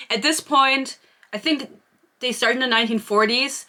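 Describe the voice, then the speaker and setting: A woman's voice: sits high, normal speed, pushed and bright. A woman from Germany, giving a casual, sarcastic book review full of chatty asides.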